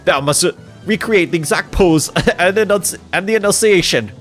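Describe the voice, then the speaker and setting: A man's voice: high-pitched, normal speed, a bit bright, faint music behind, voice pushed up. A man voicing a gallant young female knight who speaks in grand, old-fashioned phrases while reading game dialogue aloud. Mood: grandiose.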